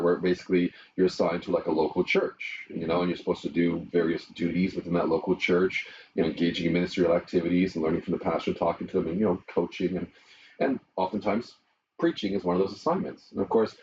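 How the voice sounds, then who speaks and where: Middle-aged man, lowish voice, animated anecdotal pastor, muffled lo-fi recording. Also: fast talker, recorded from a distance. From Canada. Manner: animated storyteller, chuckles often. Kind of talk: interview conversation. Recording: muffled lo-fi with faint noise.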